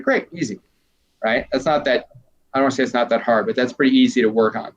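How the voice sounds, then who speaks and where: In a casual interview, this man, a transformational coach, rambles animatedly and plays out short quoted back-and-forths. He speaks quickly in a mid-range voice, and the audio is dull.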